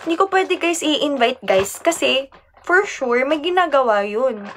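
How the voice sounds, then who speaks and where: A woman's voice: high voice, expressive, moderate pace, fairly bright tone, a little hiss or hum. A young Filipino woman chatting on a live stream, reading comments aloud, giggling and mixing Tagalog with English. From Philippines.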